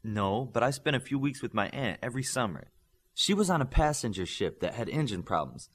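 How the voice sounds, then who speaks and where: A man's voice: medium pitch, big pitch swings, a little fast, a bit bright, breathy edge. A man voicing a proud, stern female teacher with a Scottish accent, dry and pointed in how she speaks. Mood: stern teacherly.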